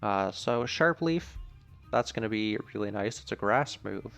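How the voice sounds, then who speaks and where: A man's voice: lowish voice, expressive, measured pace, gravelly, fairly bright tone, clean tone, soft background music. A man commenting on a video game as he plays, chatty and jokey, thinking aloud about his moves. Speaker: gaming channel host. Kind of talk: let's play commentary.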